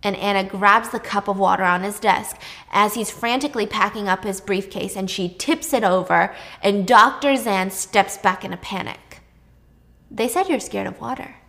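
A woman's voice: moderate pace, bright, forceful tone. Chatty woman retelling a drama. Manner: chatty, acts out dialogue with raised pitch. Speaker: drama recap narrator. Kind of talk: casual storytelling recap.

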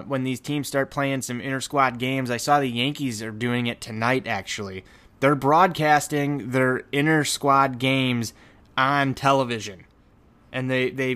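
A man's voice: medium pitch, sharp tone. A man co-hosting a casual sports podcast, talking in long rambling runs with many fillers and restarts. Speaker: podcast co-host.

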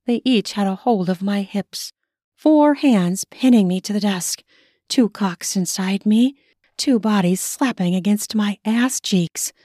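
A woman's voice: medium pitch, a little slow, mellow, no echo, studio quality. A woman podcast host and author narrating her own erotic story in first person.

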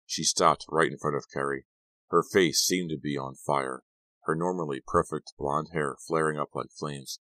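A man narrating an audiobook in a steady, even storytelling voice. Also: a bass voice, normal speed, dry recording. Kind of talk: scripted narration.

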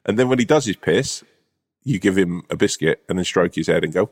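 Brief: young man, swearing, giggly, talks fast with lively pitch. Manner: laddish, swearing, giggly, mock-authoritative. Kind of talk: casual chat.

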